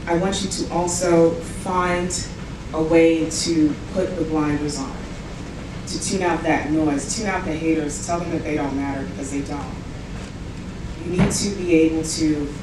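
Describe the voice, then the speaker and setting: A woman giving an earnest, encouraging keynote speech to young people in an event hall. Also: deep voice. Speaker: keynote speaker. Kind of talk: motivational speech. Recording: echoey hall from far off, noisy.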